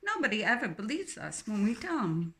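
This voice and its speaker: A woman's voice: very animated, brisk. A woman voicing a friendly, cheeky young English woman with an English accent, chatty and cheerful. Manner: chatty, cheerful, high and bright.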